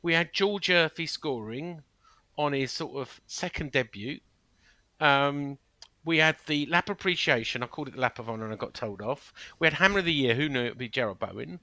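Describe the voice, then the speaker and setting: A man's voice: medium pitch, animated, fairly quick, pushed and bright, no echo. A man hosting a podcast in casual chat, jokey and often stumbling over his words. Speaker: podcast host.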